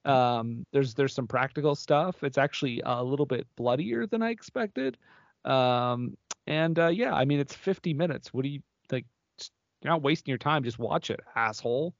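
A man's voice: medium pitch, normal speed, dry recording, highs cut off. A man co-hosting a podcast in casual chat, full of fillers, joking and blunt. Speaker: podcast co-host.

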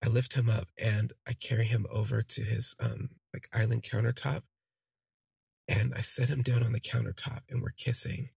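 A man's voice: fairly low pitch, steady tone, normal speed, creaky, a little mellow, slightly rough, no echo. A man casually telling a personal story on his podcast, candid and rambling, with lots of fillers. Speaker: podcast host.

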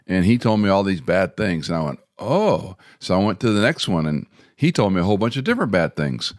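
Folksy low-voiced male podcast host. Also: a little fast, dry recording, clean studio sound. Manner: folksy storyteller, animated when quoting others. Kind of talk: podcast interview conversation.

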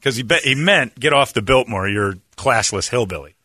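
Radio host guy from indiana, animated storyteller, bright voice, dry mic. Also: medium pitch, moderate pace, dry recording. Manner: animated storyteller, acts out quotes. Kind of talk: casual radio banter.

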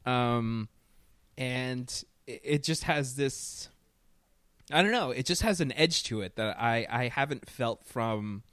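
A man's voice: mid-range voice, slow, fairly bright tone, no room sound. Profane, rambling man in a dry booth. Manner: profane, rambling, laughs often. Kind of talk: casual film discussion.

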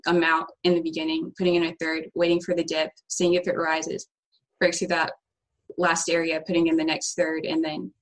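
A woman's voice: low-pitched, monotone, normal speed, rough recording. A woman applicant chatting casually in an interview, with many fillers and an upbeat manner. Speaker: trading challenge applicant.

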